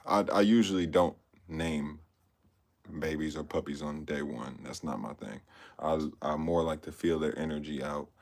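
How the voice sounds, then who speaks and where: Deep-voiced dude w/ just chilling and rambling about his dogs, slangy, repeats himself. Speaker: vlogger. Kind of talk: casual chat.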